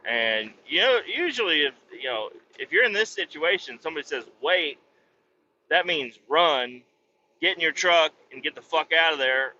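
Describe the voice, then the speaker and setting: A man's voice: on the high side, expressive, normal speed, sharp tone, highs cut off, slight background noise. A man hosting a podcast who tells a story in a casual comic way, rambling, sarcastic and full of swearing. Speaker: podcast host.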